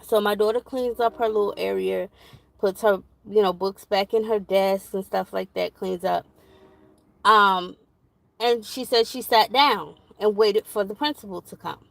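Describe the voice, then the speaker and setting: A young woman, telling a parenting story in a rambling, animated vlog with many fillers. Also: medium pitch, a little slow, gravelly, no echo, low-quality recording. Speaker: parent vlogger.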